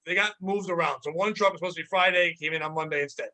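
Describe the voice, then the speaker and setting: A man hosting a comedy podcast, telling profane, animated stories and acting out customers. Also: fairly high pitch, rapid-fire. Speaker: podcast host and stand-up comedian. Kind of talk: casual comedic storytelling.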